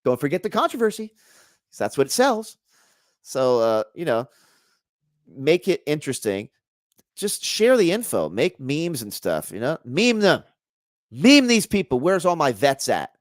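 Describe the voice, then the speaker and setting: This man is a guest researcher in a casual interview, and he chats in an animated, joking manner, often trailing off and restarting sentences. His voice sits on the high side, his pace is measured with frequent pauses, and the recording is dry with clean studio sound.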